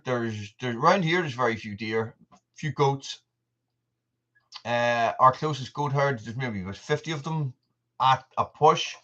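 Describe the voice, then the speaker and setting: Irish male host, mid-pitched, rambly live chat with viewers, slightly dull lo-fi sound. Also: fairly bright tone. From Ireland. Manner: rambling, answers viewer comments by name. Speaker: channel host. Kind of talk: casual livestream chat.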